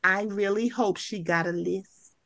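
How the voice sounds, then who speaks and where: A woman hosting a chatty podcast, talking in a blunt, slangy and animated way. Her voice sits in an ordinary middle range. She often acts out her own reactions in quotes. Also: mid-range voice, unhurried. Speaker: podcast host. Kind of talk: casual chat.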